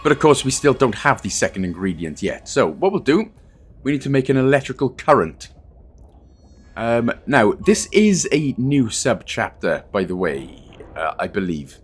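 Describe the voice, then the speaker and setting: A man from Wales narrates a game walkthrough in a loose, conversational way. His mid-pitched voice swings up and down with animation, and he drops self-deprecating asides as he goes. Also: big pitch swings, normal speed, husky. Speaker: gaming guide host. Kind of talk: casual game walkthrough commentary.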